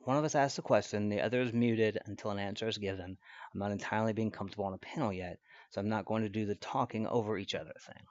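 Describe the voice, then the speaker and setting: A man with a fairly low voice hosts a stream and rambles through his commentary, full of fillers and false starts. The audio is dry and a bit muffled, like a lo-fi home mic. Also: steady tone, quick pace, no room sound. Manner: rambling, many fillers and restarts. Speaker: stream host. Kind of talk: casual commentary.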